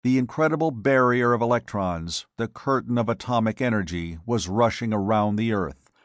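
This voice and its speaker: A man narrating a science fiction audiobook in a measured, dramatic storytelling manner. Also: mid-range voice, no room sound.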